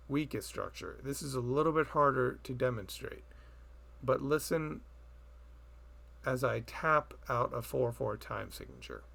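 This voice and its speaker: A man teaching a recorded music theory lesson, explaining slowly and chanting beat patterns aloud. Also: mid-range voice, very animated, vocal fry, fairly bright tone.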